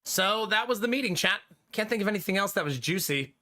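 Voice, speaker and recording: A man's voice: high-pitched, lively intonation, brisk, sharp tone. A man streaming live and chatting casually with his viewers, rambling through a story, laughing often and swearing casually.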